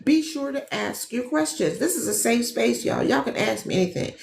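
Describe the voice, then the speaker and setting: Woman livestream host, lively and chatty, voice swinging up and down, echoey home room. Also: fairly high pitch, moderate pace, vocal fry, a little hiss or hum. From Gary, Indiana, USA. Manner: chatty, animated, talks straight to viewers as "y'all". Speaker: host, travel agent and business coach. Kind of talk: casual livestream chat with viewers. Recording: echoey room with faint ambience.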